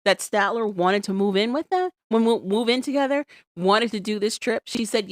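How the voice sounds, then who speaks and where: A woman co-hosting a podcast, recapping reality TV in an animated, exasperated, emphatic way. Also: mid-range voice, moderate pace, hardly any pauses, no room sound, clean studio sound. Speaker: podcast co-host. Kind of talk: casual chat recapping reality TV.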